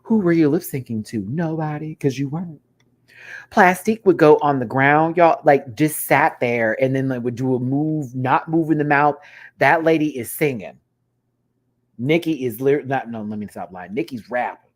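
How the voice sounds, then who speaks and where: A man giving a casual, profane rant review as a vlogger. He swings from low muttering to loud exclamations and scats beats aloud. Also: moderate pace.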